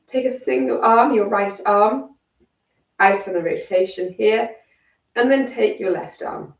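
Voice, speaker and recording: A woman leading a guided neck and shoulder stretching class in a calm, encouraging way, with a croaky voice. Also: fairly high pitch, a little slow. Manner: calm, encouraging step-by-step cueing. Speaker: fitness instructor. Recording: echoey room, mic at a distance.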